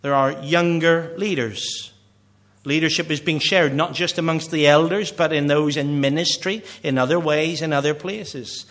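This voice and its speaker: A man with a Northern Irish accent delivers a sermon. His voice sits a touch high for a man, and he leans into key words by slowing right down. He often lets the ends of his phrases fall away soft and quiet. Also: fairly even intonation. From Northern Ireland. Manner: earnest, slows down for emphasis, drops quiet at phrase ends. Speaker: pastor.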